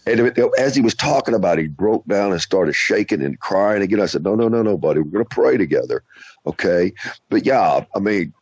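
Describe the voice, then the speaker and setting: A male radio show host telling stories in a casual interview, animated, with halting restarts and acted-out quotes. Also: sits low, breathy edge, dry recording. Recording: dull lo-fi radio audio.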